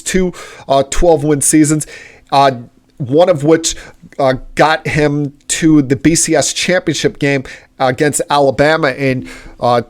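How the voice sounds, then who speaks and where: A male sports-talk podcaster delivering an opinionated, indignant monologue. His voice sits a little high, and he takes his time, filling pauses with frequent "uh"s as he builds each point. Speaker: podcast host.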